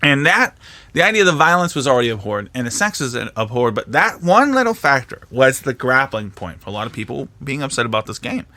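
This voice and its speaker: Male podcast co-host, profane animated storyteller, bright tone. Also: medium pitch, fast. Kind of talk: casual podcast chat.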